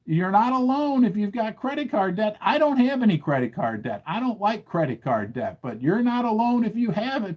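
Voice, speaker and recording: A man hosting a livestream, talking in an animated, indignant way and firing questions at his audience. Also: high voice. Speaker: host. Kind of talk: livestream commentary.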